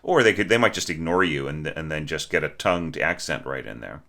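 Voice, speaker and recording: A man with a very low voice talks through a student's orchestration as a teacher. His tone is bright and forceful, and he keeps the critique conversational, checking in with "right?" and singing short notes to show what he means. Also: lively intonation, fairly quick, gravelly. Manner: conversational, asks questions, sings short notes. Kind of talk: spoken score critique.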